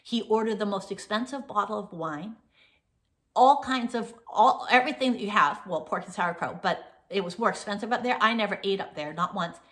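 A woman's voice: medium pitch, fairly quick, a bit bright. An older woman hosting a casual show, telling a long personal story in a rambling way with many fillers and restarts. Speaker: host.

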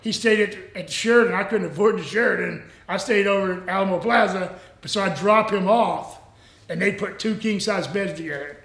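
Older male guest, rambling salty yarns, higher-pitched, echoey room. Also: a bit bright. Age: 60s. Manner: rambling, salty, laughs often. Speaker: retired pro wrestler, guest. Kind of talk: casual storytelling.

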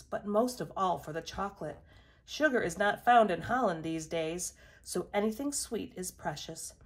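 A woman voicing a generous young Dutch girl who speaks earnestly and slowly, in a storybook read aloud. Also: fairly low pitch, husky.

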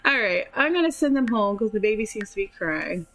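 A woman's voice: mid-range voice, very animated, a little fast, fairly bright tone, low-quality recording. A woman giving casual, chatty commentary while playing a life-simulation game, full of fillers and giggles. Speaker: gaming youtuber.

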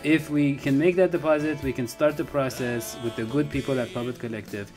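A man's voice: mid-range voice, fairly even intonation, brisk, a little mellow, soft background music. A man co-hosting a comedic football podcast, talking in a laid-back, folksy way with cowboy turns of phrase. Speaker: co-host. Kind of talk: comedic sports podcast banter.

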